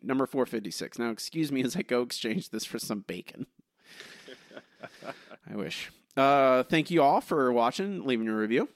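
A man's voice: medium pitch, moderate pace, no echo. Podcast guy reading reviews, bouncy voice, dry close sound. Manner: lively, wry delivery of reviews. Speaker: podcast co-host. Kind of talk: casual podcast chat, reading listener reviews.

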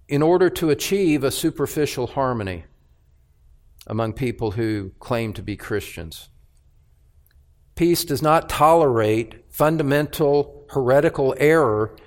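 A man preaching a sermon as pastor, speaking emphatically and repeating key phrases in a measured, deliberate way. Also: fairly high pitch.

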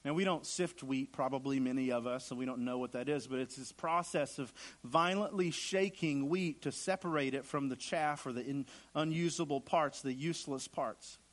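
A man's voice: mid-range voice, moderate pace. A man preaching a sermon in an earnest way, repeating phrases for emphasis and acting out the lines he quotes. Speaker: pastor.

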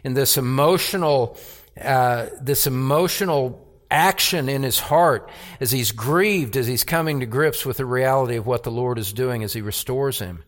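A man's voice: medium pitch, moderate pace. A man preaching a sermon as pastor, earnest, with repeated words and rhetorical questions.

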